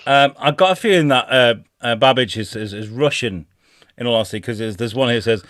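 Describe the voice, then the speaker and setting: A man hosts a podcast and reads quotes aloud in goofy put-on voices, laughing between them. His pitch sits mid-range. The recording is dry and close to the mic. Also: a little fast, a bit bright, dry recording. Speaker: podcast host. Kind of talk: casual podcast chat, reading news stories aloud.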